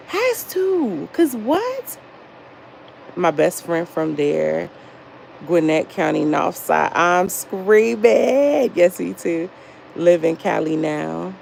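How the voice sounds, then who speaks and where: A young woman chatting casually on a livestream, profane and animated as she reads chat aloud. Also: lowish voice, creaky, a little hiss or hum, rough recording. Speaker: livestream host.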